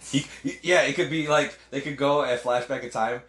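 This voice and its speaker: Man, casual film chat, lively and profane, roomy echoey room. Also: mid-range voice, moderate pace. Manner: animated, swears a lot, acts out film lines. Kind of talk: casual movie discussion. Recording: roomy echo.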